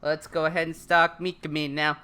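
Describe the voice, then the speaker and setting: A woman co-hosting a podcast in casual recap chat, relaxed, laughing along and quoting scenes. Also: low-pitched, brisk, smooth. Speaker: podcast co-host.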